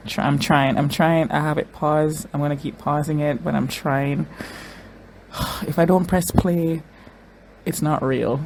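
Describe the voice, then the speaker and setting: Crying reaction vlogger, emotional, stumbling over words, middle pitch, faint background noise. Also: fairly even intonation, a little slow. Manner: emotional, stammering and restarting sentences. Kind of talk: casual reaction commentary.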